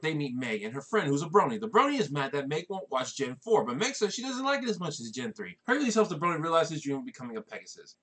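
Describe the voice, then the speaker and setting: A man rattles through a comedic movie recap in a deadpan, wisecracking voice. His pitch is a bit high and very lively, and his tone is husky. He moves at a rapid clip. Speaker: comedy narrator.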